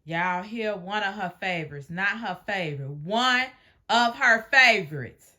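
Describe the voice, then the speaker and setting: A woman's voice: medium pitch, lively intonation, measured pace, bright, forceful tone. A woman hosting a reaction video, commenting on a clip in a sassy, teasing way.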